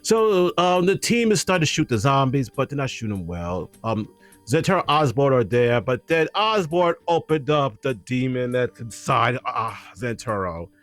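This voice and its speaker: A man's voice: medium pitch, normal speed, soft background music. A man in a casual chat about a film, retelling scenes with lots of laughing and acted-out lines. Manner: animated, acts out movie lines, laughs often. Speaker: co-host. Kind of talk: casual movie discussion.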